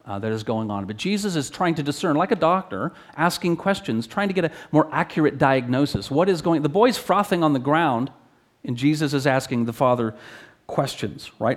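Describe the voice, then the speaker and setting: A man preaches an expository sermon, teaching earnestly with lively intonation and a slightly fast pace. He often restarts his phrases, and his pitch rises when he reads scripture aloud.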